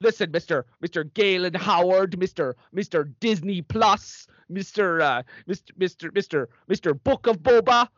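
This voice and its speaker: A man's voice: high-pitched, moderate pace, few pauses, fairly bright tone, no room sound, pitched above the performer's own voice. A man voicing a strict, threatening older nun who scolds and bosses people around. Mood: scolding. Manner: scolding, bossy. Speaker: host. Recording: dry, dull lo-fi recording.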